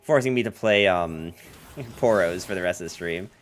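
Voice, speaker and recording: A man's voice: low-pitched, normal speed, faint music behind. A man streaming a card game, chatting casually with viewers, full of fillers like "like" and "um" and joking asides. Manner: rambling, filler-heavy, jokey asides to chat. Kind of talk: casual livestream chat while playing a card game.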